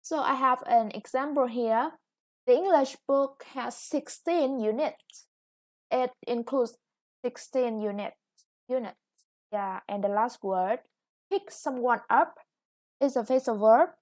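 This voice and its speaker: A woman's voice: on the high side, slow. A woman English teacher with a Vietnamese accent, explaining a lesson patiently. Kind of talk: recorded classroom lesson.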